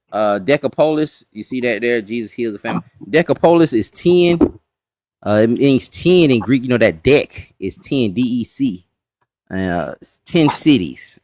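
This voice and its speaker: A man's voice: lowish voice, dry recording, studio quality. A man teaching a casual Bible study class, folksy and talking straight to the group. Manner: folksy, says y'all, talks to the class. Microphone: streaming setup.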